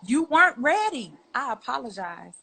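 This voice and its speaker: A woman speaks in a bright, slightly husky voice. She delivers a heartfelt apology with earnest repetition and a fairly high tone. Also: very animated, normal speed, low-quality recording. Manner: earnest, repeating each apology. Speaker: guest.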